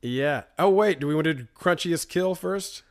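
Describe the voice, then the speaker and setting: A man's voice: fairly high pitch, moderate pace. A man co-hosting a podcast in casual chat, jokey and mock-dramatic as he runs a game segment. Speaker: podcast co-host. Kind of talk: casual chat and reading rhymes.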